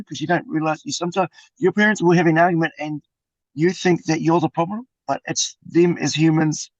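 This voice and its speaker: Passionate New Zealand man, fairly high voice. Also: no echo, poor audio. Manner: passionate, uplifting, weaves in Māori words. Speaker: interview guest, suicide survivor and mentor. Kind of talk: heartfelt storytelling interview.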